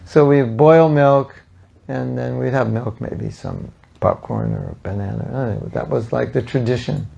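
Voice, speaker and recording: An older man telling animated, humorous stories to a devotional gathering, acting out the people he quotes. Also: medium pitch, normal speed, vocal fry, husky, muffled recording. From United States. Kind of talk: storytelling talk to an audience.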